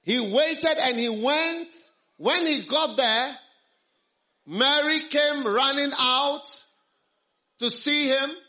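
A man's voice: very high voice, drawn-out words, pauses often, sharp tone. A man preaching a sermon through an interpreter, telling a scripture story dramatically and acting out the characters. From studied medicine.

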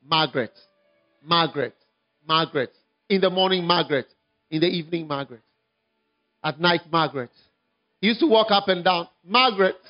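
A man preaching an evangelistic sermon, telling a story dramatically, swinging from hushed to shouting. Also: on the high side, normal speed, pauses often, highs cut off, faint music behind.

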